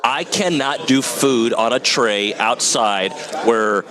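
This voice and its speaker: A man's voice: medium pitch, takes it slowly. A man hosting a sports talk show, chatting casually and animatedly with co-hosts, often laughing. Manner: animated, laughing, exaggerated complaints. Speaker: sports radio host.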